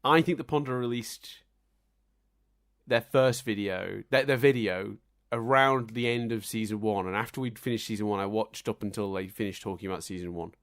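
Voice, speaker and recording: A man's voice: fairly low pitch, normal speed. Chatty man co-hosting a podcast. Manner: chatty, self-interrupting, many ums and restarts. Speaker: podcast co-host. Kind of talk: casual podcast chat.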